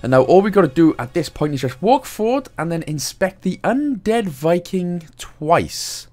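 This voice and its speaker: A man's voice: high voice, sing-song, normal speed, darkish tone. A man with a Welsh accent giving a casual, jokey game walkthrough, swearing now and then. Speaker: gaming guide host.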